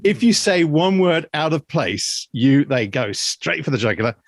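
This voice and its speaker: A man's voice: on the high side, big pitch swings, normal speed, no room sound, clean studio sound. A middle-aged man with an English accent, co-hosting a casual chat, joking and laughing often. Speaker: podcast co-host.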